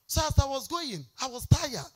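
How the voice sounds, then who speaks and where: A woman's voice: high-pitched, big pitch swings, normal speed, darkish tone. A woman pastor, preaching an emphatic, exhorting sermon.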